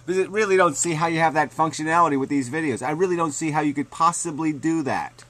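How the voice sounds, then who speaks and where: A man's voice: on the high side, fast, fairly bright tone. Guy ranting at someone, super sarcastic, cussing every other word. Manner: sarcastic, swears constantly, mocking. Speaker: video blogger answering a critic. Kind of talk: profane angry rant.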